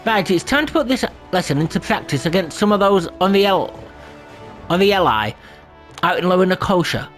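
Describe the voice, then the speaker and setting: A man voicing a cocky, small male rogue mentor with a put-on accent and rough, slangy coaching talk. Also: sits high, big pitch swings, fairly quick, a bit bright, faint music behind.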